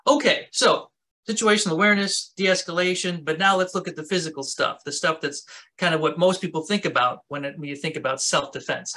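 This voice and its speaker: A man's voice: on the high side, vocal fry, bright, forceful tone. A man teaching a self-defense workshop in a casual, conversational way. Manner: casual, conversational, talks with his hands. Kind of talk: instructional talk.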